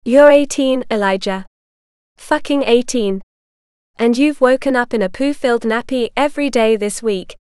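A blunt young woman who talks flatly and snaps, as a woman narrator puts her on. The tone is clear and fairly high. The recording is dry and close. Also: normal speed, dry recording, lightly acted. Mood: scornful. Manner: flat and snapping.

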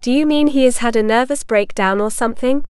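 A woman's voice: a little high, fast, a little mellow, smooth, dry recording, studio quality, lightly acted. A woman reading the part of a puzzled, exasperated man on the phone, with incredulous questions. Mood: bewildered.

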